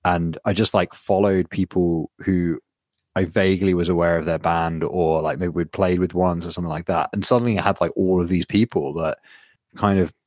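A man's voice: sits low, moderate pace, no room sound, clean studio sound. A man co-hosting a podcast in casual chat, rambling and swearing as he tells stories. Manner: rambling, sweary, animated storytelling. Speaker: podcast co-host.

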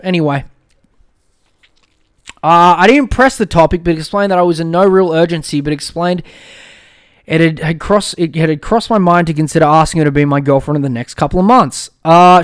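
A young man hosting a podcast, giving blunt, sweary advice in casual chat and joking as he reads out a listener's story. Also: a little high. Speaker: podcast host.

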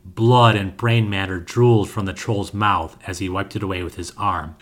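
A man narrating a scripted fantasy story with a steady, dramatic reading. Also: deep voice, normal speed, hardly any pauses.

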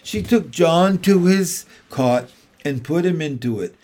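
A man narrating a children's classic as an audiobook, measured and expressive. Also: a little high.

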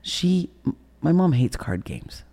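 Brief: middle-aged woman guest, gravelly and dark-toned, emotional halting recollection. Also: low-pitched, big pitch swings. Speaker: interview guest. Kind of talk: candid personal storytelling.

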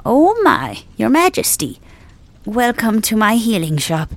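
A woman's voice: on the high side, very animated, unhurried, no echo. A woman voicing a kindly, fussy old male village healer in an ASMR role-play, polite and urgent as he tends his king. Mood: fussing.

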